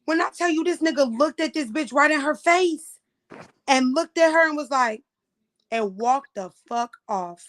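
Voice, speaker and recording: Profane, animated woman telling a story. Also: high voice, moderate pace, no room sound. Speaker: vlog host recounting an audition. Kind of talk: casual storytelling chat.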